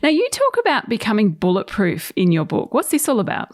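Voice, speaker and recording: A woman interviewing a guest in a casual chat, affirming her and asking quick follow-up questions. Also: medium pitch, huge pitch swings.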